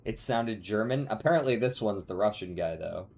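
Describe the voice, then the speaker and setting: A man's voice: on the low side, lively intonation, normal speed, vocal fry, few pauses, darkish tone, a little hiss or hum. A man streaming a video game who chats casually and jokingly, reading game text aloud in put-on voices. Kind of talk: casual gameplay commentary.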